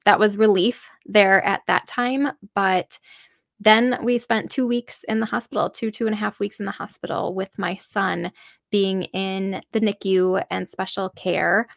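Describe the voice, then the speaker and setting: Woman, young adult, earnest storytelling, a bit gravelly, dry close sound. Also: medium pitch, no echo. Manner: earnest, emotional, many fillers. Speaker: mother telling her birth story. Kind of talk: personal storytelling.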